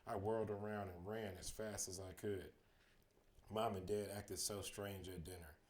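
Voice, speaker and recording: A man reading a children's chapter book aloud as a bedtime story, steady in the telling and livelier on the quoted lines. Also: lowish voice, normal speed.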